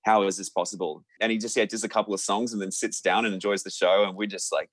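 A young Australian man, a musician, telling a lively anecdote in a casual interview, full of fillers and restarts. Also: on the low side, quick pace, no echo. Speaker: musician guest.

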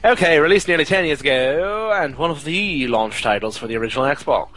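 A man's voice: on the high side, lively intonation, brisk, fairly bright tone, soft background music, poor audio. A man co-hosting a podcast in casual chat, rambling, joking and correcting himself as he goes. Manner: rambling, jokey, self-correcting. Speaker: podcast co-host.

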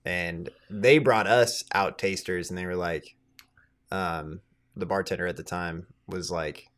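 A man co-hosting a casual podcast, talking in a relaxed, rambling way full of "like" and "um". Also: deep voice, unhurried. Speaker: podcast co-host. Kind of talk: casual chat.

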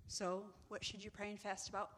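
A woman giving an inspirational teaching talk, animated and acting out the people in her stories. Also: medium pitch, a little fast, in a large hall. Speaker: ministry executive director.

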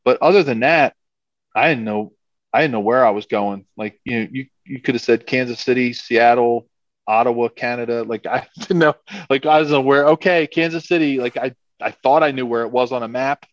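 A man's voice: mid-range voice, a little fast, no echo. Chatty middle-aged Philly man, dry dull audio. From Philadelphia area. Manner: rambling, loose storyteller with frequent "like" and "you know". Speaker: guest, former football player. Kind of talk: casual anecdote telling. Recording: slightly dull, dry sound.

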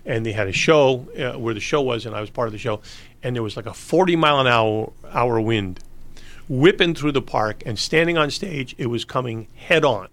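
A man's voice: medium pitch, moderate pace, a bit bright. A man telling long, rambling stories in a casual interview, laughing and restarting as he goes. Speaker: interview guest. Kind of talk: casual storytelling.

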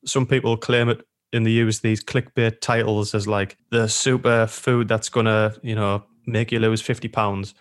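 A man's voice: fairly low pitch, level tone, normal speed, few pauses. Matter-of-fact male podcast co-host. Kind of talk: casual podcast chat.

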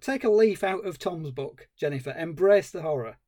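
A man's voice: fairly high pitch, normal speed, no echo, studio quality. A man co-hosting a film podcast, chatting casually and laughing easily. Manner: animated, laughs at his own lines. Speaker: podcast co-host.

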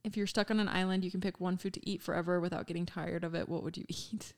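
A woman's voice: on the low side, quick pace. A young woman, a mom, chatting casually into a microphone and telling a story with lots of laughter. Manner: giggly, animated storytelling. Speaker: co-host. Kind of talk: casual chat.

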